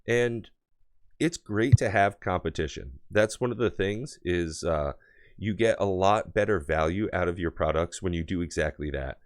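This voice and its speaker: A man's voice: low voice, lively intonation, moderate pace, no echo, studio quality. An American man co-hosting a casual podcast from home over a remote call, rambling and enthusiastic, with many fillers. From United States. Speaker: podcast co-host. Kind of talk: casual chat.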